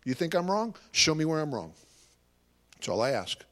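A man's voice: a little high, very animated, normal speed, a bit bright. A man giving a live talk to an audience as a Christian ministry speaker, telling stories animatedly and acting out conversations.

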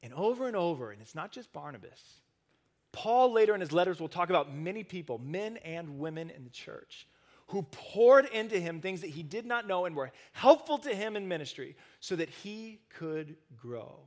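A man preaching a sermon, earnest, rising to emphatic stresses and then dropping soft and low. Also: lively intonation, moderate pace. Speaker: pastor.

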